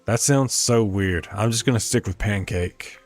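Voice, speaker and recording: A man's voice: lowish voice, measured pace, faint music behind. A man streaming a life-sim game in casual commentary, thinking aloud and tripping over words as he tries pronunciations. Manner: rambling, muses aloud and stumbles over words. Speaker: let's play streamer.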